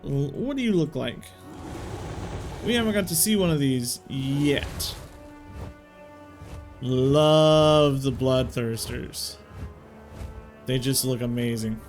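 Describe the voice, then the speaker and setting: A man's voice: mid-range voice, moderate pace, soft background music. A man hosting a strategy game let's play, thinking aloud as he plays and talking in casual slang. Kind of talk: video game commentary.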